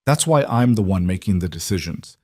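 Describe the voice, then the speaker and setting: A man with a low voice speaking as a cold, ruthless queen who rules alone, in an icy, clipped and commanding way. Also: animated, brisk, darkish tone, dry recording.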